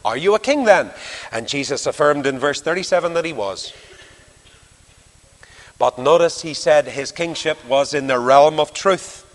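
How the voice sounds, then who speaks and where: A man delivering a sermon with a slightly high voice that carries through a long-reverb hall. He tells the story dramatically, acting out the speakers and swinging between loud emphasis and quiet, hushed moments. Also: measured pace. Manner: dramatic, acts out dialogue with rising and falling intensity. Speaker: preacher.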